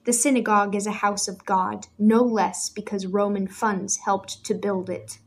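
A woman voicing a stern, authoritative older father who speaks in measured, grave tones. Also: medium pitch, level tone, breathy edge. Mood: warning.

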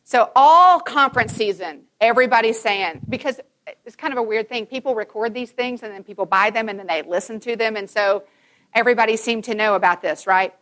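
Brief: woman in her fifties, Christian conference speaker, bright and fairly high voice, animated, acts out dialogue in her stories. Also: brisk. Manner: emphatic and animated, acting out dialogue. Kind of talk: Christian conference talk, personal storytelling.

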